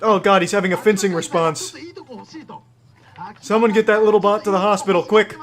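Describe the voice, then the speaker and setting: A man's voice: high voice, fairly even intonation, fairly quick. A man giving sarcastic, swearing mock sportscaster commentary over video clips.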